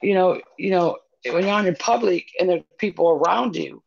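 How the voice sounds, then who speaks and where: A woman's voice: fairly low pitch, moderate pace, creaky. A woman co-hosting a casual podcast, telling a story with lots of fillers. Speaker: podcast co-host. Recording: dull lo-fi podcast recording.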